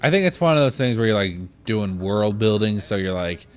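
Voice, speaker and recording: A man's voice: on the low side, lively intonation, fairly quick, hardly any pauses. A man co-hosting a let's play, chatting casually with dry, teasing corrections. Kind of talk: casual gameplay commentary.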